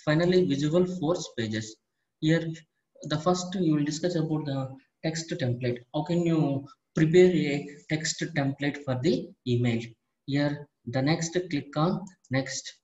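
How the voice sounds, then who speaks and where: A man teaching a step-by-step software tutorial, often repeating and restarting his phrases as he explains. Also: fairly high pitch, measured pace. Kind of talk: screen-recorded software tutorial. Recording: echoey room, dull lo-fi audio.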